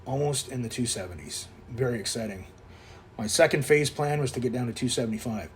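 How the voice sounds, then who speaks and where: A man's voice: mid-range voice, a little fast, a little hiss or hum. A man in his fifties with a Canadian accent, a fitness vlogger talking over his workout footage in a blunt, coaching way with plenty of swearing. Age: 50s. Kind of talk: casual voice-over vlog.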